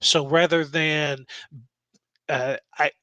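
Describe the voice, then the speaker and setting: A man, a nurse practitioner student, giving measured, earnest interview answers with frequent pauses and fillers. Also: fairly high pitch, fairly even intonation, bright, forceful tone, dry recording, low-quality recording.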